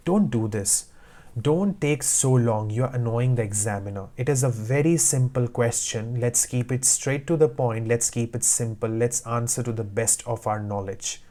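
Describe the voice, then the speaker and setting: A man's voice: mid-range voice, moderate pace, dark tone. A man teaching IELTS speaking tips, giving direct, emphatic advice in short repeated commands. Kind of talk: instructional talk to camera.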